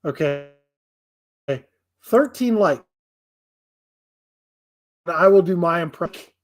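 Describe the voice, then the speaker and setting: A man's voice: a little high, expressive, takes it slowly. Rambling, foul-mouthed male streamer. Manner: rambling, profane, self-deprecating. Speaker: livestream host. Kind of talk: casual live-stream chat.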